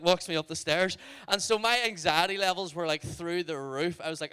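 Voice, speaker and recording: A man with a Northern Irish accent, telling a story to a youth audience in an animated way, full of "like" fillers. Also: a little high, fairly quick, hardly any pauses, clean tone. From Northern Ireland. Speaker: youth event speaker.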